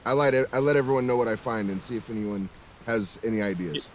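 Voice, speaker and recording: A man's voice: fairly low pitch, quick pace, rough recording. A man playing a tabletop game, casual and eager, asking the game master many questions. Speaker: player. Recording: noticeable background noise.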